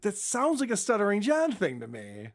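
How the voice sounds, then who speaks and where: Easygoing podcast host who laughs often. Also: male voice, sits high, wildly swooping pitch, moderate pace. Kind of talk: casual podcast chat.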